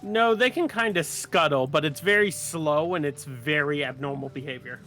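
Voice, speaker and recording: A man's voice: fairly high pitch, moderate pace, pushed and bright, faint music behind. A man chatting easily while playing a game with a friend, mostly giving short agreeable replies. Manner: easygoing, agreeable, brief replies. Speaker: co-player. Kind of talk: casual gameplay chat.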